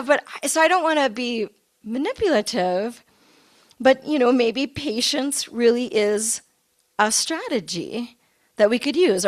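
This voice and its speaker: Middle-aged woman minister, lively and playful. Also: mid-range voice. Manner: conversational, expressive, with playful asides and laughter. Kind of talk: sermon.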